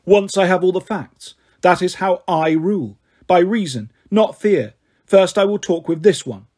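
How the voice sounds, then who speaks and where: Man doing a cold, commanding warrior queen, slightly raised, husky, storybook read. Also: high voice, unhurried, darkish tone. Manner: icy, commanding. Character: proud exiled woman warrior queen, cold.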